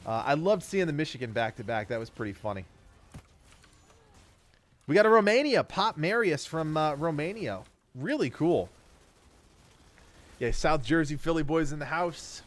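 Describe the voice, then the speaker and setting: Live-streaming a game, this father chats casually and cheerfully, firing off viewer names and their locations in a rapid list. His voice sits fairly high with lively intonation.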